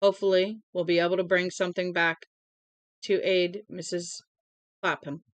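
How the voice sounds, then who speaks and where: A woman reading the plain, steady lines of a practical man leading a group. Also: on the low side, moderate pace, dry recording, lightly acted.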